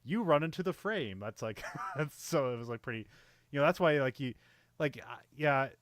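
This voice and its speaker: A man's voice: mid-range voice, expressive, normal speed, fairly bright tone, no echo. A man co-hosting a casual movie podcast, talking in a loose, rambling way. He laughs often and fills his speech with "like" and "you know." His voice is recorded dry and close. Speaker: podcast co-host.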